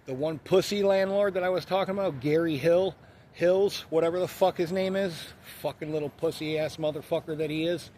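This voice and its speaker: A man's voice: on the high side, fairly even intonation, brisk, dark tone, slight background noise. A man telling a story in a blunt, profane, ranting way, in a casual monologue. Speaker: vlogger.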